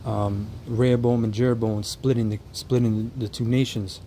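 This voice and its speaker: A man giving reaction commentary on a street preaching clip, stumbling and restarting as he explains, then reading Bible verses slowly and deliberately. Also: mid-range voice, flat delivery, dark tone, slight background noise, rough recording.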